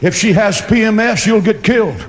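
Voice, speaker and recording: A pastor giving an emphatic, dramatic sermon to a congregation, mixing scripture with joking asides. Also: male voice, sits high, lively intonation, normal speed, noisy background. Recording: long reverb of a large hall.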